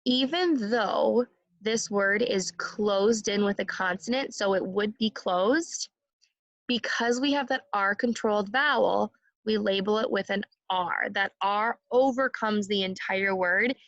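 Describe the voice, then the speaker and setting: A woman teaching a second grade phonics lesson, sounding out words slowly and clearly and having the class repeat after her. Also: medium pitch, a bit bright, dry recording, dull audio.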